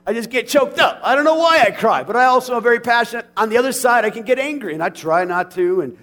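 Pastor, male, 40s, high-pitched, folksy sermon delivery that swings from hushed to shouting. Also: lively intonation, quick pace. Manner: swings from quiet and intimate to shouting with passion; folksy, plain-spoken.

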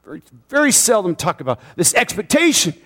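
Passionate high-voiced preacher in a hall. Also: male voice, very animated, fairly quick. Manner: passionate preaching, swings from loud to quiet. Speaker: pastor. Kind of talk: sermon.

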